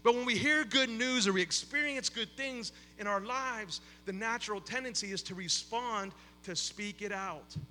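A man's voice: sits high, moderate pace, hardly any pauses, sharp tone, big-room sound. A man who is a campus pastor, giving a conversational sermon with an opening prayer, talking with many fillers and repeated words in a church sanctuary.

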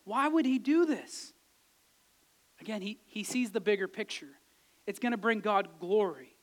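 A man preaching a sermon, earnestly retelling a scripture story, building to emphatic peaks and then dropping to a soft, quiet delivery. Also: high voice, lively intonation, normal speed.

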